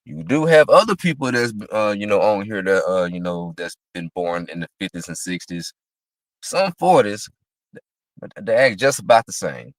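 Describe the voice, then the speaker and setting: A man with a fairly low voice chimes in on a gossip stream, laid-back and unhurried, often filling gaps with "you know". His voice sounds close and dry, with no room around it. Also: big pitch swings, dry recording. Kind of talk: casual live-stream gossip chat.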